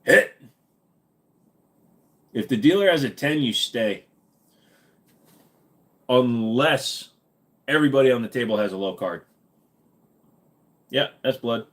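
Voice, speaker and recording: A man's voice: medium pitch, expressive, unhurried, pauses often. A man with a slight Minnesota accent, hosting a casual live Q&A stream, tired and wisecracking, swearing offhandedly. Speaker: livestream host.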